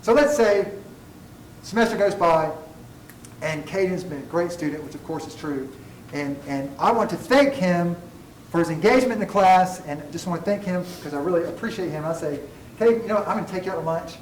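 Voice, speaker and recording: A man's voice: on the high side, normal speed, slight background noise. A man teaching a college ethics class, digressive and self-deprecating, joking with students as he lectures. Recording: echoey classroom from a distance.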